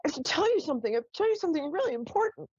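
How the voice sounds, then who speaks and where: A woman putting on a high, pleading ghost woman. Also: very animated, a little mellow, no room sound, highs cut off. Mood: urgent pleading. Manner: urgent, pleading, hurried. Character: needy, desperate ghost woman from the 1840s.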